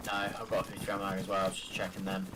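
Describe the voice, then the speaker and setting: A man in casual gaming chat with a teammate, muttering and thinking out loud as he plays. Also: deep voice, monotone, racing. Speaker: teammate in a survival game. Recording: noisy game stream audio.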